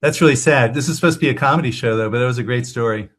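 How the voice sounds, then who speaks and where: A man's voice: mid-range voice, a bit bright. A man co-hosting a podcast, giving short reactions and questions in casual chat. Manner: brief reactions, quick talker. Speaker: podcast co-host.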